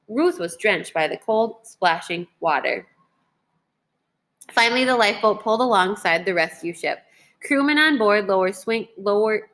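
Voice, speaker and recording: A woman teacher reading a children's history book aloud in a clear, measured way. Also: medium pitch, a bit bright.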